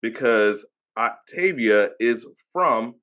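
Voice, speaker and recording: A man's voice: medium pitch, expressive, slow pace, fairly bright tone, lo-fi sound. A man in his thirties with a Hampton Roads Virginia accent, hosting a casual podcast interview and hyping up his guest in a loose, chatty way. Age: 30s. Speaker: podcast host.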